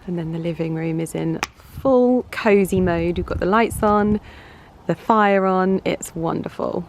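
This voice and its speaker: Her voice is on the low side and a little slow, with a bit of hiss or hum in the recording. She's a woman in her thirties giving a chatty, filler-heavy lifestyle vlog tour of her home, both inside and in the garden.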